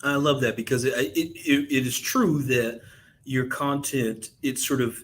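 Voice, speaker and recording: A man's voice: medium pitch, fairly even intonation, unhurried, a little hiss or hum. A man hosting a podcast, asking questions in an admiring, easygoing way with frequent laughs. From Memphis, USA. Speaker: podcast host. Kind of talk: casual interview talk.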